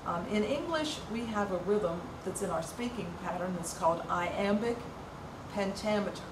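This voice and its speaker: A woman's voice: medium pitch, animated, normal speed, roomy sound, far from the mic, noisy background. A woman teaching a music workshop, explaining patiently with some ums and restarts. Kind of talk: informal music lesson.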